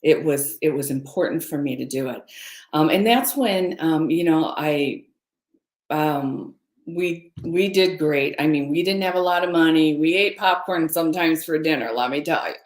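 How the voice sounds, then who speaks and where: A woman's voice: sits low, moderate pace, echoey room. A middle-aged woman candidly telling a personal story as a webinar guest, with hesitant fillers. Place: room, recorded for a webinar.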